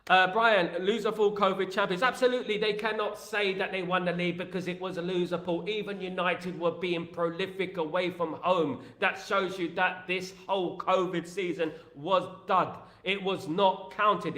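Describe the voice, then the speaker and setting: Animated man, echoey room. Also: sits high. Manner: animated, rambling, emphatic, British slang. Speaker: football podcast host. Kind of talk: live-stream chat reading viewer comments.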